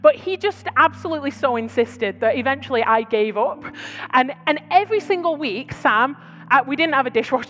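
A British woman preaching to her church, telling stories in a chatty, conversational way with quick asides. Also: high-pitched, animated, a bit bright, in a large hall, slight background noise. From Britain. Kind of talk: sermon. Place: large church hall.

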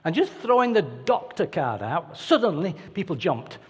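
A man's voice: a little high, sing-song, normal speed, slightly rough. A man preaching a sermon in a conversational, anecdotal way with playful asides. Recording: reverberant hall.

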